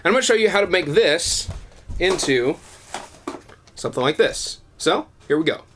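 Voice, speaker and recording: A man hosting a video channel, giving a casual how-to tutorial in a relaxed, chatty way with plenty of ums and uhs. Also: fairly high pitch, moderate pace, a little hiss or hum.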